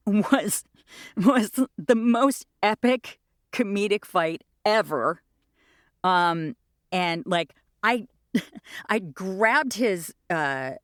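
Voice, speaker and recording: A woman in her fifties, a stage actor chatting in an interview, rambles through her stories in a lively way. Her voice sits a little low. The sound is dry, with no room echo. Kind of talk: casual interview chat.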